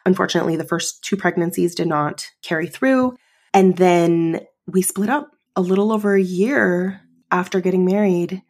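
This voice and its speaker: A woman in her thirties hosts a podcast and tells her own story candidly, leaning on fillers as emotion comes through. Her voice is low-pitched, with a gravelly fry and a husky edge. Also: normal speed, a little mellow. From United States. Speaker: podcast host. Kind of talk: personal storytelling.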